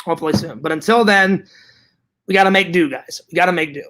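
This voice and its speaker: A man's voice: fairly high pitch, fast, fairly bright tone. A man vlogging to his viewers in casual chat, hyper and rambling, with joking profanity.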